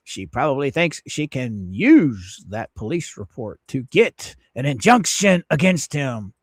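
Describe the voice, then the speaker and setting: A man's voice: mid-range voice, very animated, measured pace, few pauses, dry recording, clean studio sound. A man in his fifties hosting a casual livestream, greeting viewers by name in a drawling, teasing, sarcastic way. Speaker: livestream host.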